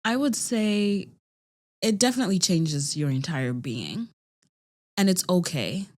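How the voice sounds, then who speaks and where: A woman's voice: on the low side, unhurried. A woman in her thirties, a podcast guest, talking candidly and animatedly, acting out what others said. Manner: animated storyteller, acts out quotes. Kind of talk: candid conversational interview.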